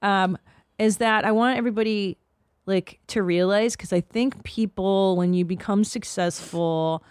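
A woman's voice: medium pitch, moderate pace, a little mellow, clean tone, no echo, clean studio sound. A woman in her forties hosting a podcast in casual, brash, profane chat, telling stories with lots of animation. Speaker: podcast host.

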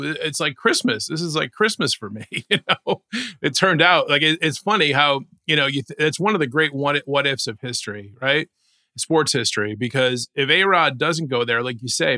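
Male co-host, bright tone, dry mic, rambling animated delivery. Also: medium pitch, dry recording. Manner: rambling, animated, frequent restarts and asides. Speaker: podcast co-host. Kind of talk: casual sports chat.

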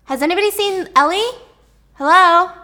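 Woman putting on a flustered, high-pitched mother. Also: expressive, normal speed, bright, forceful tone, heavily acted. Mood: worried. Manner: hesitant, stammering. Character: anxious middle-aged mother, flustered.

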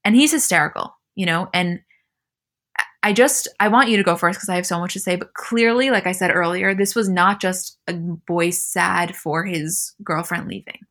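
A young woman co-hosts a casual podcast recap and tells the scenes with a bright, forceful voice. She acts out the quotes animatedly, with her voice lifting when she plays the people in them. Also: on the low side, moderate pace. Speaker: podcast co-host. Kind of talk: casual chat recapping a reality show.

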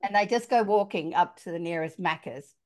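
A middle-aged Australian woman talks in a relaxed podcast chat and keeps slipping into the voices of the people in her stories. Her voice sits a little low for a woman. She sounds like an experienced storyteller, expressive and down to earth. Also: brisk. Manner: animated storyteller, acts out quoted dialogue. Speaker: parenting author and guest.

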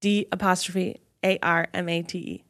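A woman's voice: on the low side, moderate pace. Chatty woman podcast host. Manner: chatty, animated storyteller with lots of "like". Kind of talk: casual chat.

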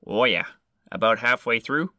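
A man's voice: mid-range voice, animated, normal speed, pushed and bright, dry recording, studio quality. A man voicing a polite Canadian male police constable with a Canadian accent, earnest and matter-of-fact.

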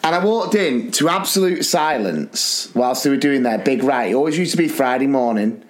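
A podcast co-host who works as a school teacher tells stories in casual chat with a mid-range voice. He's animated and laughing, speaking in quick bursts.

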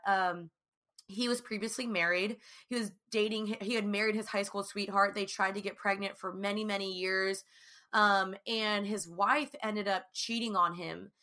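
Chatty bright-voiced young woman. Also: medium pitch. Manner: chatty, fillers like "like" and "you know". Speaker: podcast host. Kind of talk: casual faith podcast monologue.

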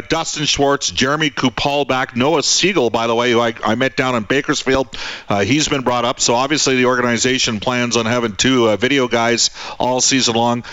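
A man's voice: mid-range voice, sharp tone, dry recording. A man hosting a sports radio interview, asking long, winding questions with frequent fillers.

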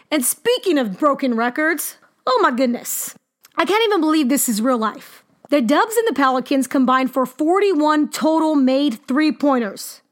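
Female sports podcast host, 30s, high voice, punchy and expressive delivery. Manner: animated, emphatic, exclaiming. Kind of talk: casual sports commentary.

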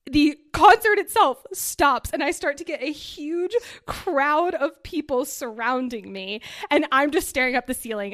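A young woman co-hosting a chatty podcast, her voice sitting a little high as she spins an animated, laugh-filled story. She talks loosely with plenty of "like"s. The sound is dry and close, with no room around it. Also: no echo. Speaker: podcast co-host. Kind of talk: casual podcast chat and storytelling.

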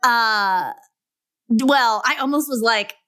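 A woman's voice: fairly high pitch, slow pace, bright, forceful tone, clean tone. A woman co-hosting a podcast interview, bubbly and teasing, with frequent giggles. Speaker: podcast co-host. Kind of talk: casual interview chat.

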